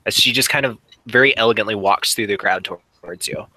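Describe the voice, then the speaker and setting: A man's voice: on the low side, brisk, few pauses, bright, forceful tone, no room sound, poor audio. A man narrating as game master of a tabletop role-playing game, rambling with frequent fillers.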